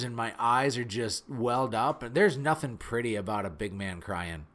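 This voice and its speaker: Midwestern man, mid pitch, earnest and animated storyteller with a self-deprecating streak. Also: moderate pace, hardly any pauses. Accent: Midwestern American. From Fargo, North Dakota. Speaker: speaker telling a personal story. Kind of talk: personal storytelling talk.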